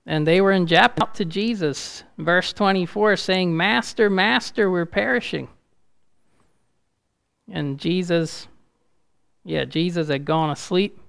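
A man delivers an informal sermon at an unhurried pace, often stopping to restart his sentences. His voice is a little high and has a gravelly edge, yet the words come through smooth and clear. Now and then he builds to a loud, urgent push. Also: no room sound, clean studio sound. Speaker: preacher.

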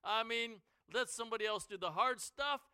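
A man preaching a sermon in a church on a headset mic, dramatic, swinging from quiet lows to shouted highs. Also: normal speed, clean tone, dry recording.

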